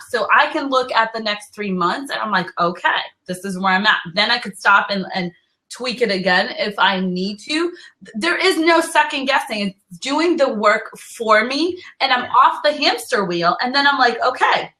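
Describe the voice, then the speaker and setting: Bright, animated New Jersey-accented woman. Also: fairly high pitch, normal speed, rough recording. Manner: animated, rambling, playful. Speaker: co-host. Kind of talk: casual live-stream chat.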